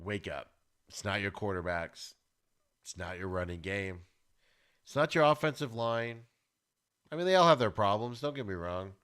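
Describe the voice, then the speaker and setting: A man hosting a podcast, giving an animated, ranting football recap with plenty of exclamations. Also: on the low side, moderate pace, long pauses, smooth. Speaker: podcast host.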